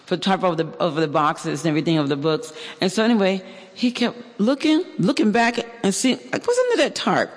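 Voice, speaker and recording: High-voiced man telling a story in a hall. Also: fast talker. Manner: animated storytelling with fillers and restarts. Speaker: church member giving testimony. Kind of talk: personal testimony.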